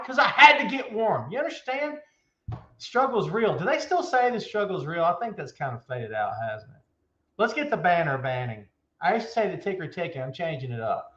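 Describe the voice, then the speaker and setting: Male host, 30s, hyped and jokey, talks a bit high, recorded in a roomy bare office. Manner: loud, joking, hyped. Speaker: show host. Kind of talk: live show, casual chat. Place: office with bare floor and window. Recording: echoey room, dull lo-fi sound.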